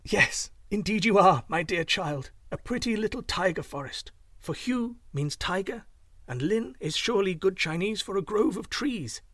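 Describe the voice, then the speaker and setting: A man voicing a kindly young gentleman from an old storybook, close to the reader's own voice but a touch higher. He speaks calmly and tenderly, in a dry, close sound. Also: normal speed, no echo. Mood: explaining. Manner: gentle and soothing. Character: kindly young man, formerly a cursed miser.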